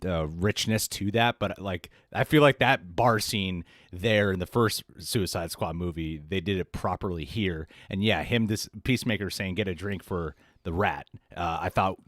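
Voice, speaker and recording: A man co-hosting a casual spoiler review, talking in an animated, chatty way and often restarting mid-thought. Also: deep voice, normal speed, few pauses, no room sound, studio quality. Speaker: film review show co-host.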